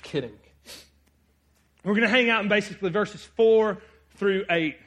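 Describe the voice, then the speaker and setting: A man with a strikingly high voice preaches to a congregation. He reads scripture aloud and alternates loud, emphatic bursts with soft, conversational asides. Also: moderate pace. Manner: energetic, swings from loud emphasis to quiet asides. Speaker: pastor. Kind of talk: sermon with scripture reading.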